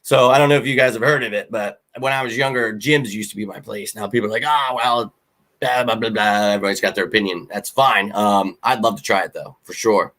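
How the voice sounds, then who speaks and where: Blunt, ranting man, bright voice. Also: lowish voice, fast talker, few pauses. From Philadelphia. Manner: blunt, animated fan rant with frequent fillers. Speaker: sports podcast host. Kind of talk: casual sports talk.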